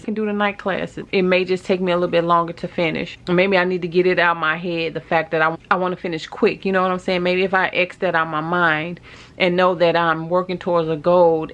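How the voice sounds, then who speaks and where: Woman vlogger, middle-aged, low-pitched voice, chatty and teary storytelling to camera. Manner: chatty, emotional, talks straight to viewers. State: tearful. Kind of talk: casual storytelling vlog.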